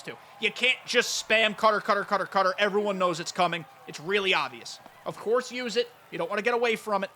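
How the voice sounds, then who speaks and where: A man giving excitable, chatty live commentary on his own baseball video game play, talking straight to his viewers. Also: sits high, a little hiss or hum. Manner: excitable, chatty, talks to chat. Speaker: gaming YouTuber.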